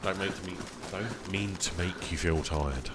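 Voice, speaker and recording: A man chatting casually while streaming a survival game, tired and rambling, easily excited by small finds. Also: low voice, unhurried, background noise. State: tired, yawning. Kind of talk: casual live-stream commentary.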